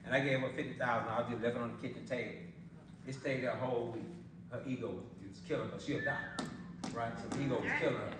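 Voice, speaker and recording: In an echoey event hall, a distant microphone picks up a noisy recording of a man pitching a business opportunity. He talks fast in a steady, mid-range voice, laughing often as he tells motivational stories in everyday language to sell his audience.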